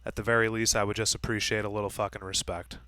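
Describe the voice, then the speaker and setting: A man's voice: lowish voice, flat delivery, fast, bright, forceful tone, no echo, poor audio. A man talking straight to camera in a blunt, profane, lecturing monologue. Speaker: vlogger.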